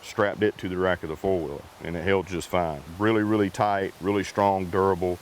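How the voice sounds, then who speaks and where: A man casually explaining outdoor gear in a rambling, relaxed way, talking outdoors in the woods. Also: low voice, brisk, slight background noise. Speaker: gear reviewer. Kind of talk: casual unboxing vlog.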